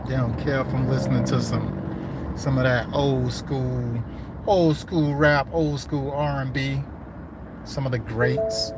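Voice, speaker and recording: A man who runs a landscaping business, chatting casually on a livestream from his truck, rambling and slangy, his voice going hoarse. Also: mid-range voice. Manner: rambling, laid-back, slangy talk. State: hungry and losing his voice. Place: inside his truck while driving. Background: faint vehicle road noise.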